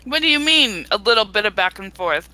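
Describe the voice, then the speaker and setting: A woman's voice: medium pitch, expressive, fairly quick, sharp tone, low-quality recording. A woman playing a tabletop game, tossing out wry jokes in casual banter. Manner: wry, joking asides. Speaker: player.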